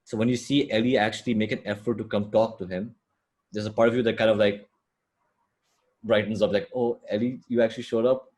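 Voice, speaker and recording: A man co-hosting a podcast, talking through a video game in a casual, animated way with blunt opinions and plenty of filler words. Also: fairly low pitch, brisk, long pauses. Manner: animated, often paraphrases and quotes game scenes. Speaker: podcast co-host.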